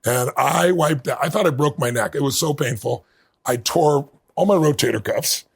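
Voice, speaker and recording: Gravelly-voiced man in his fifties. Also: a little high, moderate pace. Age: 50s. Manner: animated storyteller acting out quoted dialogue. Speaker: podcast guest. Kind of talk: casual interview storytelling.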